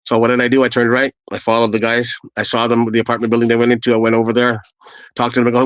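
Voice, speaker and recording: A middle-aged man from Canada, a guest telling his own story in a blunt, lively way and acting out what others said. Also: racing, clear, resonant tone, no echo, poor audio. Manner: re-enacts quoted people with raised pitch, blunt and profane. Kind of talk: animated personal storytelling.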